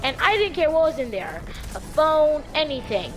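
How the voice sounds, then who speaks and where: Woman rambling thru a storytime vlog, slangy, kinda high voice, faint music behind. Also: moderate pace. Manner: slangy, rambling, animated retelling. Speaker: YouTuber telling a story.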